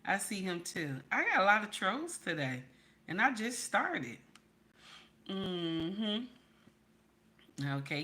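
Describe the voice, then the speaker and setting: A woman's voice: medium pitch, fairly bright tone. A woman hosting a casual livestream, chatting with her viewers, greeting them by name and calling them baby and honey. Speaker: livestream host reading viewer chat.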